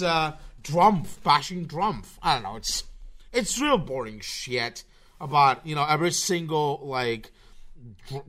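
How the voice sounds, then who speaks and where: A man hosting his own podcast, rambling through sarcastic, profanity-laden commentary with a slurred, low-energy delivery. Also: a bit bright. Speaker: podcast host.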